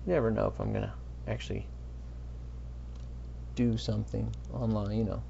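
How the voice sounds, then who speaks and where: A man's voice: on the low side, steady tone, normal speed, gravelly, pauses often, lo-fi sound. Podcast host, male, offhand and self-mocking, slight hiss under a home mic. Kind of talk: rambling solo podcast chat.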